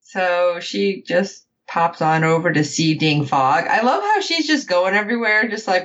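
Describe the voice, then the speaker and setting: Woman, podcast co-host, casual recap, animated, lively intonation, dull lo-fi sound. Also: on the low side, unhurried, few pauses. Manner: animated, quotes characters in playful voices.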